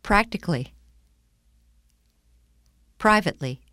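Woman saying example words one by one, slow, lowish, dry studio sound. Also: animated, pushed and bright, no room sound. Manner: slow, deliberate single words. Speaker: model speaker in a pronunciation lesson. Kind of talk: scripted word reading.

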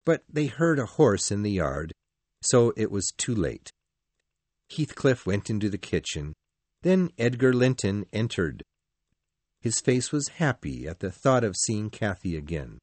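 A man narrating a storybook in a measured, expressive reading. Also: lowish voice, dry recording.

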